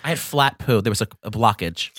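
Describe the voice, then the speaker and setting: A man's voice: on the low side, a little fast, fairly bright tone, no echo. A man in his thirties hosting a podcast, chatting casually in a rambling, crude, candid way into a close mic. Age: 30s. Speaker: podcast host. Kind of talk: casual chat.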